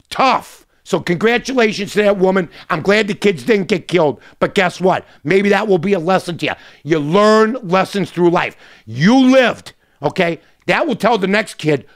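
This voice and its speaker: A middle-aged man hosting a short commentary segment, blunt and combative, ending his points with a pushy "okay?". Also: a little high. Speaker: sports radio host. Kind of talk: opinionated commentary monologue.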